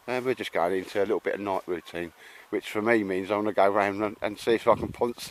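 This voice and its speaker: A man's voice: lowish voice, fairly quick, fairly bright tone, a little hiss or hum. Older man chatting at camp. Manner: matey, laughing, rambling with fillers. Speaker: vlogger. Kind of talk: casual chat. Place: campsite outdoors.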